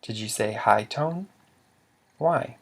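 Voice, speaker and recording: A man's voice: on the low side, animated, takes it slowly, vocal fry, a little hiss or hum. A man teaching a language lesson, patiently quizzing the listener and sounding out example words. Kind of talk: slow instructional explanation.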